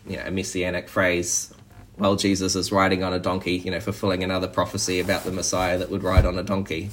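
Low-voiced man preaching conversationally. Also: completely flat delivery, fast, few pauses, a little hiss or hum. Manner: conversational, frequent "you know" and restarts. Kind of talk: sermon.

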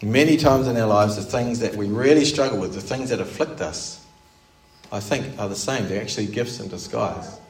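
A man's voice: on the low side, moderate pace. A man preaching a sermon in an earnest, explaining way, asking his listeners questions. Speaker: pastor. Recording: roomy, from a distance.

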